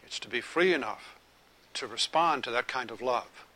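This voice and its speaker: A man preaching a sermon to a live group, asking them questions and telling a lively joke. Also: medium pitch, normal speed, low-quality recording. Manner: animated storytelling, joke-telling.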